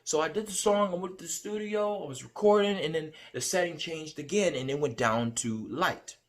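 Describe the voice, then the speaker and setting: A man telling about a dream in casual spoken storytelling, earnest and rambling, repeating himself. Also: moderate pace. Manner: hums a tune with rising pitch. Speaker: vlogger recounting a dream.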